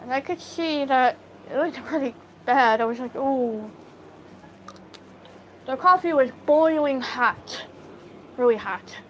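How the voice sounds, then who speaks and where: Woman, high voice, slow unhurried pace, halting casual storytelling, lots of fillers, phone mic. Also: a little hiss or hum, rough recording. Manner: halting, many fillers and restarts. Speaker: livestream storyteller. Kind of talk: casual spoken storytelling to live viewers.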